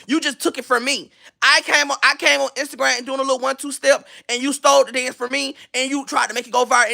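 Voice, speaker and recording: A man's voice: extremely high pitch, gravelly, pushed and bright. A man hosting a gossip channel, delivering a blunt, profane, mocking rant that loops back on its own phrases. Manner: repeats and restarts phrases while searching for a video. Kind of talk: ranting gossip commentary.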